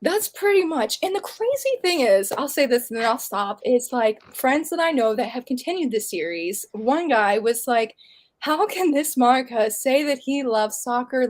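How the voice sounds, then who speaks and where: A woman's voice: high voice, animated, measured pace. A young woman on a casual podcast chat, ranting passionately and apologizing for it. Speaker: guest.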